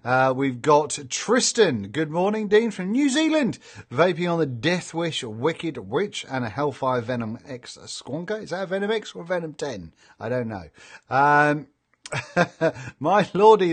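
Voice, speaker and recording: A man's voice: a little high, slightly rough. A middle-aged man with a chatty, jokey manner, hosting a casual live stream and reading out viewer comments. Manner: chatty and jokey, laughs often.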